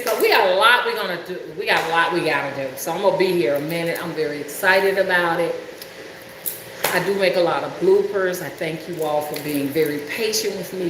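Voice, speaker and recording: An older woman hosting a casual live stream from her kitchen, chatty and teasing, laughing often. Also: fairly low pitch. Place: hot kitchen at home. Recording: echoey room with background noise.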